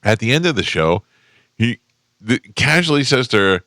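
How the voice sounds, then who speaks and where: A man's voice: medium pitch, normal speed, no room sound. A man hosting a morning radio show in a studio, telling stories in casual banter and acting out the quotes. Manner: animated storyteller, acts out quotes in funny voices. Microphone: studio microphone.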